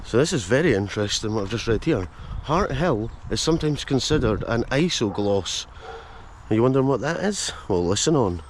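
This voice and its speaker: A Scottish man of middling pitch talks into a handheld camera as he strolls through a village, chatty and quick with jokey asides. Faint traffic and outdoor ambience sit behind him. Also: lively intonation. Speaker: vlogger and host. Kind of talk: casual walking vlog. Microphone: handheld camera mic.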